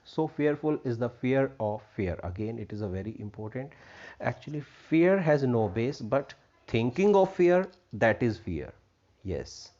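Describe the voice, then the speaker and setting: Man, English teacher, slow deliberate talk, repeats and defines words, dull lo-fi sound. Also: medium pitch, very animated, dark tone. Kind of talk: explaining a textbook lesson. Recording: dull lo-fi recording.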